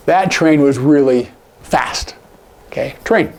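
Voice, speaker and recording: A man teaching sign language in a casual, animated way, acting out example lines with big jumps in his voice. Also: on the high side, a little slow, creaky, pauses often, a little hiss or hum. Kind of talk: casual instructional talk.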